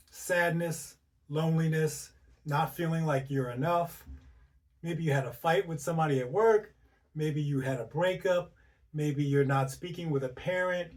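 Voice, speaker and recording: Man, fairly high voice, casual health talk, keeps asking "right?", a bit distant from the mic. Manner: conversational, rhetorical questions, frequent "right?". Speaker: host. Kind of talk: informal health talk to camera.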